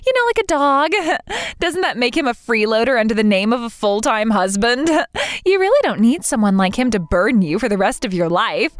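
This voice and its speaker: A woman's voice: on the high side, very animated, fairly quick, no echo. A woman voicing a spiteful younger sister in a text-message story, talking down to others in a sneering, condescending way. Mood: mocking. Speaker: wedding guest refusing to attend.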